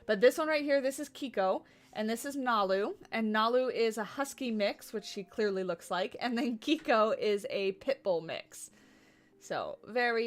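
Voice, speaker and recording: Chatty woman streamer, very lively voice. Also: fairly high pitch, measured pace, soft background music. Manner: chatty, talks to her dogs in a cooing baby voice. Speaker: livestreamer. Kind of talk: casual livestream commentary while playing. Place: home office. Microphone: USB condenser desk mic.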